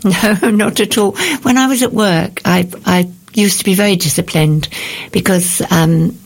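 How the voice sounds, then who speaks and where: Gravelly-voiced older woman. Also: fairly low pitch, normal speed. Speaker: author guest. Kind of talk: radio interview answers and book reading.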